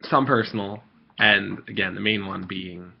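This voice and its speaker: A man's voice: lowish voice, normal speed, creaky, background noise. A man hosting his own video, ranting in a rambling, irritated way with lots of fillers and restarts. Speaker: video host ranting to viewers. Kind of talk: casual vlog rant. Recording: dull lo-fi recording.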